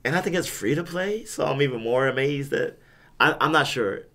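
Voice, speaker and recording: Young male co-host, loose rambling delivery with frequent restarts, average pitch. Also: lively intonation, brisk, bright, forceful tone. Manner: rambling, stumbles and repeats words. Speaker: podcast co-host back from a gaming convention. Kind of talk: casual chat.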